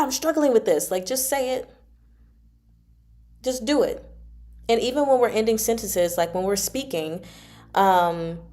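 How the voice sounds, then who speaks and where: A medium-pitched, slightly mellow voice belongs to a livestream host giving a casual Mandarin lesson. Her talk is chatty and self-correcting, and she sounds out the tones while explaining them.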